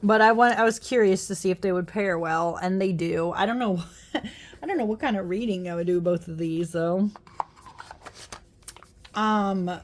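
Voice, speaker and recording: Chatting casually while flipping through tarot and oracle decks, a young tarot deck reviewer sounds tired after her workday. Her voice is medium in pitch and moderately paced, with long pauses, and she rambles, laughs and apologizes throughout.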